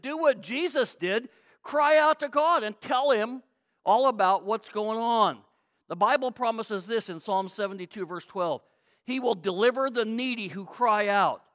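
High-voiced preacher man, emphatic. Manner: emphatic, repeats phrases, swings from quiet to loud. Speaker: pastor. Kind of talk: sermon.

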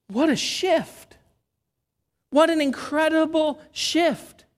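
A woman preaching a sermon in an earnest, measured way, asking rhetorical questions. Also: on the high side, lively intonation.

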